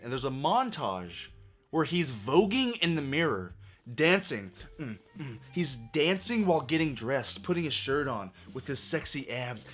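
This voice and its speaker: A man giving a profane, exasperated film review rant, his voice going hoarse. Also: a little high, fairly bright tone. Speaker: movie reviewer.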